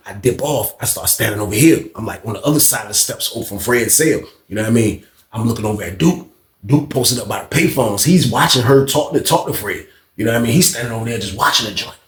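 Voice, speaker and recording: A man's voice: mid-range voice, lively intonation, fast talker. Man telling a story in an echoey room. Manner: loose, conversational, frequent asides. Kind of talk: casual storytelling. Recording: roomy echo.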